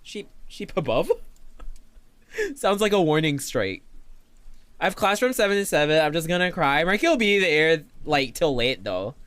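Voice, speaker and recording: Playful, lively streamer guy chatting. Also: on the high side, unhurried, smooth, dry recording. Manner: playful, laughs often, reads and answers chat; refers to himself in the third person. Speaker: VTuber streamer. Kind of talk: casual livestream chat while drawing.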